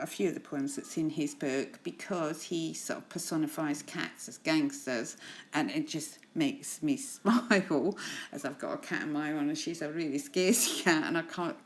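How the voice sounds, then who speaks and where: A woman teacher in a recorded lesson, reading poems aloud to her pupils and chatting about them in a friendly, encouraging way with frequent laughs. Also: low-pitched. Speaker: primary school teacher.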